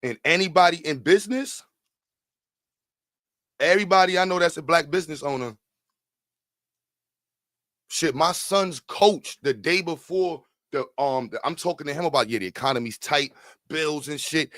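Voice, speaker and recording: A man hosting a podcast, giving casual commentary on a clip and swinging between calm talk and loud, profane outbursts. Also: on the high side, moderate pace, long pauses, no room sound, studio quality. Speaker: podcast host.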